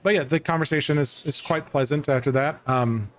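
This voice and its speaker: A man with a slightly high voice narrates a tabletop role-playing game as game master. His delivery is loose and halting, full of fillers and restarts.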